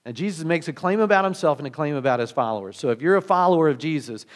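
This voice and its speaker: A man's voice: on the high side, lively intonation, fast. A male pastor preaching a sermon in a conversational way, asking many rhetorical questions and often restarting his sentences.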